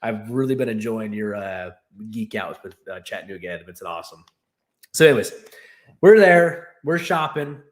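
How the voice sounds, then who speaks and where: A man's voice: on the low side, animated, normal speed. A man casually chatting on his livestream, rambling and laughing as he tells stories. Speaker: streamer and host. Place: new home in Texas.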